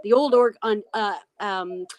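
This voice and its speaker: A woman's voice: medium pitch, a little slow. A woman from Canada, a guest on a video-call interview, speaking hesitantly with many restarts.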